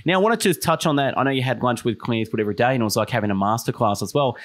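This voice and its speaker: A man's voice: medium pitch, expressive, rapid-fire. A man hosting a podcast interview, asking questions with frequent hesitations and restarts. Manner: hesitant, many ums and restarts. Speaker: podcast host. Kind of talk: conversational interview.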